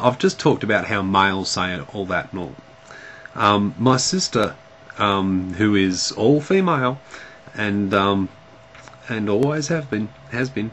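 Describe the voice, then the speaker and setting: A man's voice: on the low side, a bit bright, a little hiss or hum, poor audio. A man with an Australian accent chatting casually to camera in a vlog, hesitant and full of ums and restarts. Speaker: vlogger.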